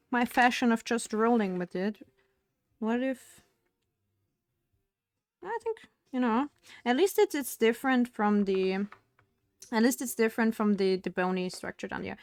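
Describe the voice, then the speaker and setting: A woman's voice: on the high side, dry recording. Chatty woman streamer, dry close sound. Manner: rambling, chatty, laughs often. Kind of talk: casual live-stream chat. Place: home streaming setup.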